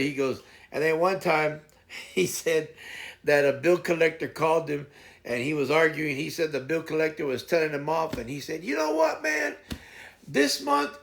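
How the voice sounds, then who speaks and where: A man's voice: a little high, gravelly. A man hosting a casual morning stream, rambling through folksy stories and advice. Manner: rambling, folksy, retells stories with voiced quotes. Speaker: live streamer host. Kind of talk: casual morning chat and storytelling.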